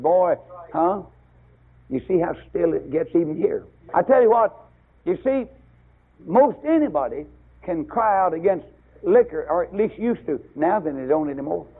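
An older preacher delivers a fiery sermon, climbing to loud, emphatic bursts before dropping low. His voice sits a little high and has a husky grain. It comes over a tinny, lo-fi radio broadcast.

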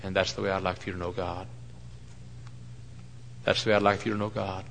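A middle-aged man preaching a sermon, telling folksy stories and swinging between loud mock-pompous lines and hushed asides. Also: low-pitched, little pitch movement, a little fast, creaky, slight background noise, low-quality recording.

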